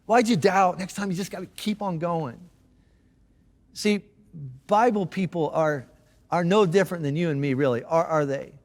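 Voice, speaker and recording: A man preaching a casual sermon, telling the story in a relaxed, chatty way with slang and repeated words. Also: on the high side, normal speed, long pauses, long reverb tail. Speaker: pastor. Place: church auditorium.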